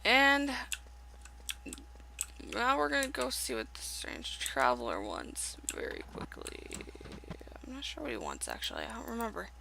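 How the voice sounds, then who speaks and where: A woman's voice: a little high, wildly swooping pitch, unhurried, creaky, long pauses, noisy background. A young woman giving casual, rambling commentary while playing a video game. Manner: chatty, rambling, with fillers. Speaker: gaming video creator. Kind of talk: casual let's-play commentary.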